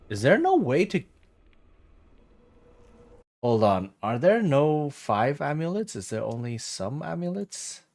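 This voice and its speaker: A man's voice: fairly high pitch, sing-song, slow pace, gravelly, pauses often, a little mellow. A man streaming a game, chatting casually and thinking aloud in a rambling way.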